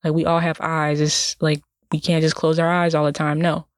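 A woman's voice: low-pitched, little pitch movement, moderate pace, no room sound, studio quality. A woman in a casual personal monologue, talking indignantly in a rambling way with lots of "like" fillers and restarts. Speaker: vlogger.

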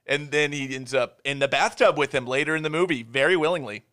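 A man's voice: a little high, quick pace, sharp tone. A man hosting a casual movie-review podcast, joking and quoting lines from the film. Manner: jokey, quotes lines in put-on voices. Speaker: podcast host.

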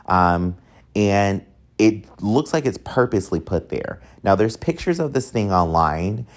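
A man's voice: fairly low pitch, expressive, unhurried. A young man hosting a casual solo podcast, chatty and rambling, with frequent asides and filler words. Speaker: podcast host.

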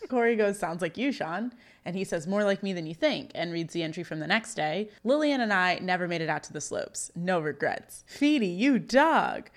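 A woman co-hosting a podcast, retelling a sitcom scene and reading its lines aloud in a lively storytelling way, then chatting casually. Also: fairly low pitch, normal speed. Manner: reads script lines aloud in an animated storytelling way. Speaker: podcast co-host recapping episodes. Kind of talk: casual chat and scene recap.

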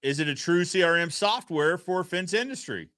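Upbeat male host, fairly high and lively, reading comments to a live audience. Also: moderate pace, no room sound, clean studio sound. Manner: upbeat, reads viewer comments aloud. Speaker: podcast host. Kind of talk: casual live-stream chat.

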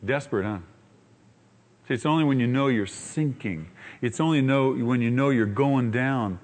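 A male pastor preaching a sermon, telling the story with animated voices for the characters and asking the congregation rhetorical questions. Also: medium pitch, moderate pace.

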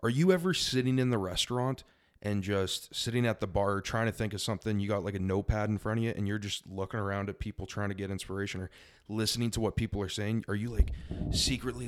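A man's voice: fairly low pitch, fast talker. A man hosting a casual interview, asking chatty, rambling questions. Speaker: host.

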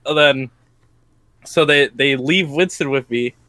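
A young man telling a story casually to friends, animated, laughing often and swearing. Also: mid-range voice, a little slow, no echo.

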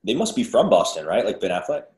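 A man co-hosting a podcast, telling stories in an animated, filler-filled casual way. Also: on the low side, fast talker. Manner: animated storyteller, frequent fillers. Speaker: podcast co-host. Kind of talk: casual chat. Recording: roomy echo.

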